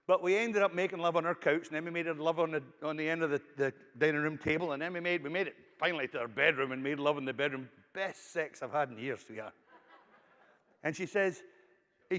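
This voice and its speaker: A sheepish husband with a Scottish accent pleads and spins excuses, as a keynote speaker acts him out in a joke. The voice sits a touch high, and a long reverb from a big hall follows it. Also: male voice, natural voice. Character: sheepish husband making excuses to his wife.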